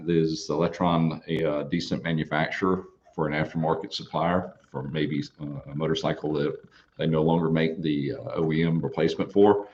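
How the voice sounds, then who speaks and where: Male host, very low voice, easygoing live Q&A chat, muffled lo-fi sound. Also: slight background noise. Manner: relaxed, folksy, lots of fillers and restarts. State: out of breath. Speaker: parts company host answering viewer questions. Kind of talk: casual live Q&A. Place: small studio.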